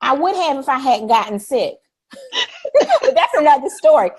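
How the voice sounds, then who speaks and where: A middle-aged woman hosting a live stream, talking in an energetic, preachy way, repeating "y'all" and acting out polite phrases. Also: sits high, normal speed. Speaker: host. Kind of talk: energetic livestream talk.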